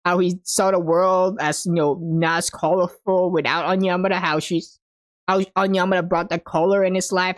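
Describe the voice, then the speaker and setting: A woman's voice: on the low side, no echo. A young woman reviewing an anime, gushing and emotional, tacking "man" and "dude" onto her phrases. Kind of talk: casual unscripted review.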